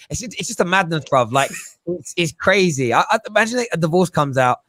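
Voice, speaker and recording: A man chatting casually as a football podcast pundit, animated and joking, slipping into mimicking voices. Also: fairly high pitch, brisk, no room sound.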